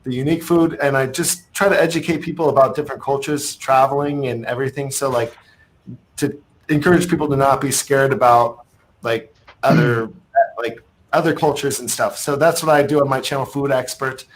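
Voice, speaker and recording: A man's voice: medium pitch, fairly even intonation, normal speed, low-quality recording. Chill guy talking up his travel food channel, faint room noise behind. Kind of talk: casual channel plug on a livestream.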